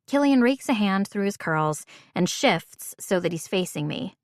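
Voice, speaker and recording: A woman narrating a first-person audiobook in a wry, measured way. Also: fairly low pitch, expressive, dry recording, studio quality.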